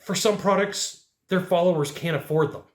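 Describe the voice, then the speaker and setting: A man teaching sales negotiation in a casual, animated way, acting out clients and asking rhetorical questions. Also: high-pitched, normal speed, roomy sound. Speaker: sales trainer. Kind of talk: casual sales training talk.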